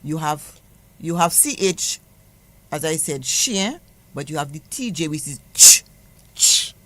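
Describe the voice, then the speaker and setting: A woman's voice: low voice, animated. Patient woman teaching sounds. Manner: slow, patient, repeats example words. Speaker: guest language teacher. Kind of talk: explaining pronunciation on radio. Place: radio studio.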